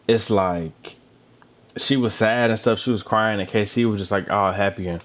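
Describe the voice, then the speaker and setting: Casual male recap host with a low voice, animated delivery, chatty asides. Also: normal speed. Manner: animated, chatty, with asides about drinking water and lotion. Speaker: reality show recap host.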